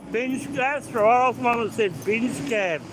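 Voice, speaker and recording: A man's voice: very high-pitched, moderate pace. A man chatting with live viewers while he drives, greeting them by name and answering their comments. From Australia. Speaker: live-stream host. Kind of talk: casual live-stream chat while driving. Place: inside a car on city streets. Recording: car road noise behind the voice.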